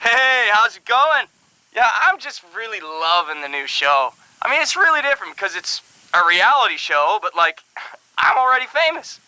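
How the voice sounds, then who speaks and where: A man's voice: high-pitched, big pitch swings, moderate pace, sharp tone, clear, resonant tone, dry recording, full character voice, low-quality recording. An actor playing a vapid male celebrity who rambles vaguely while calling in to a radio show. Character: dim, self-absorbed male celebrity actor. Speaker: caller.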